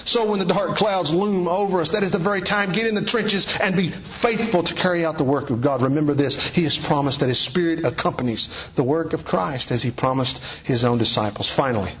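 A man preaching a sermon with a slightly high voice. He exhorts earnestly, sinking low and then climbing to emphatic peaks. The recording is dull and lo-fi. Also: brisk, hardly any pauses, fairly bright tone, a little hiss or hum.

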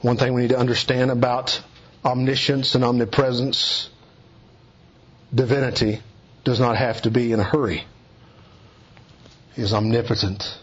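Man, preacher, sermon, husky voice, muffled recording. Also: medium pitch, little pitch movement. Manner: measured expository preaching, slowing for emphasis.

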